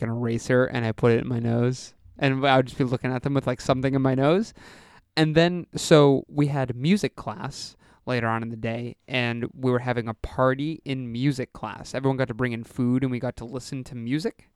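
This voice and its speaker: A young man with a smooth, resonant voice tells a story in relaxed podcast chat, peppering it with "like" and acting out the other people in it. The recording is close and dry, with no room sound. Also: medium pitch, brisk, no room sound. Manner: storytelling with acted-out quotes and frequent "like". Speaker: podcast co-host. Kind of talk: casual chat, telling a school story.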